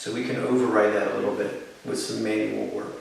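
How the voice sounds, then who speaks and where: A man teaching a live yoga class, giving calm, encouraging step-by-step cues. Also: lowish voice, fairly quick, gravelly, far from the mic. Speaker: yoga instructor. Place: yoga studio. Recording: very echoey room, voice from off-mic, faint hiss.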